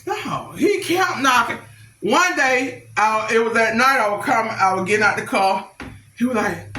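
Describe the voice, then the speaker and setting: A middle-aged woman telling stories on her vlog in an animated, blunt, slangy way, quick to laugh. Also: on the high side, slight background noise. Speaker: vlogger. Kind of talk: casual storytelling. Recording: echoey room.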